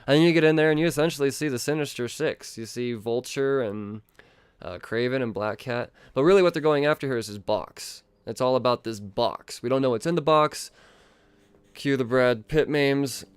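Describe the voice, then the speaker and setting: Man, podcast host, excitable and foul-mouthed; smooth, resonant voice recorded dry and close. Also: medium pitch, normal speed, dry recording. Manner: profane, excitable, rambling. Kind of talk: casual comic book review.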